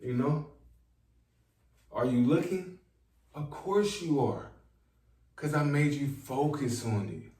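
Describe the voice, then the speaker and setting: Slow-drawling man lecturing viewers. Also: medium pitch, animated, mellow, distant mic. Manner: drawling, preachy, repeats himself for emphasis. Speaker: online self-help talker. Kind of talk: slow rambling monologue to viewers. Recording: echoey room, voice set back from the mic.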